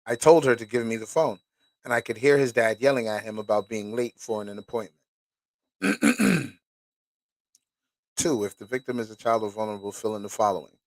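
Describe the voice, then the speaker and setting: A man's voice: lowish voice, lively intonation, moderate pace, creaky, pauses often, dry recording. A man hosting a show, reading documents aloud and stopping to react with casual, profane commentary. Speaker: host.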